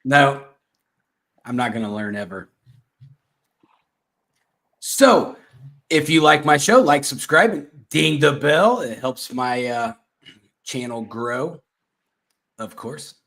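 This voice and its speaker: A man's voice: medium pitch, lively intonation, slow pace, long pauses, fairly bright tone. Male host, casual chat show, self-mocking, rambling delivery with fillers.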